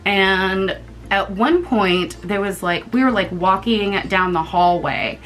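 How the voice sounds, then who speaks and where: A young American woman vlogger tells a storytime video in an animated, chatty, casual manner, swearing freely. Her medium-pitched voice takes things slowly, and the recording carries a bit of hiss or hum.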